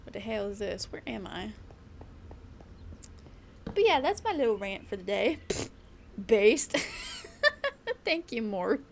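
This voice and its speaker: A woman's voice: fairly high pitch, huge pitch swings, slow pace, vocal fry, long pauses, slight background noise. A woman streaming a game, ranting in casual chat, blunt and rambling, swearing often and laughing between lines. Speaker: VTuber streamer. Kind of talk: casual live-stream rant while gaming.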